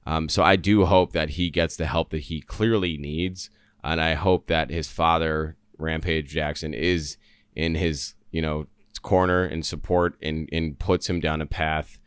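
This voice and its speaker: Deep-voiced man, earnest rambling commentary. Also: steady tone, unhurried, smooth, dry recording, clean studio sound. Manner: earnest, rambling, many fillers and restarts. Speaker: podcast host. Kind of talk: solo commentary.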